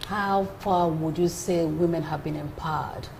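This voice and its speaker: A woman's voice: deep voice, fairly even intonation, a little slow, vocal fry, a little mellow, a little hiss or hum. A woman hosting an interview, asking questions in a formal, polite way. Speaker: interviewer, host.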